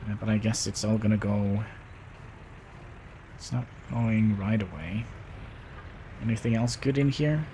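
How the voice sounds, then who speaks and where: A man's voice: lowish voice, unhurried, pauses often, warm tone, slight background noise. A man livestreaming a city-building game, talking casually and hesitantly as he thinks aloud. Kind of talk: casual gameplay commentary.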